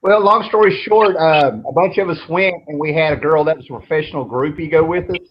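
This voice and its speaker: A man's voice: a little high, fairly quick. A man in his thirties hosting a show, telling long, rambling stories in a laid-back way and swearing freely. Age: 30s. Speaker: show host. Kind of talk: casual storytelling chat. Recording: dull lo-fi with faint noise.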